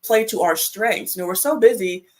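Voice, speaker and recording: A woman's voice: mid-range voice, moderate pace, rough recording. Woman, panel guest, chatty, casual, lots of fillers. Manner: chatty storyteller with many fillers.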